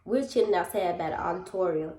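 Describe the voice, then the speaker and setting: Low-voiced woman chatting to viewers. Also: fast talker, warm tone, slight background noise. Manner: chatty, addresses viewers directly, acts out dialogue. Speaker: vlogger. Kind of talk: casual storytime chat. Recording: roomy, echoey room.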